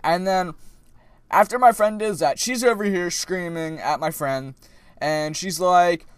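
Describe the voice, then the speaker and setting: A young man tells a story for his vlog, his voice sitting a bit high for a guy. He rambles and restarts mid-sentence, animated and casual. The sound is close and dry, with no room around it. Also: a little slow, smooth, dry recording. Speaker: vlogger.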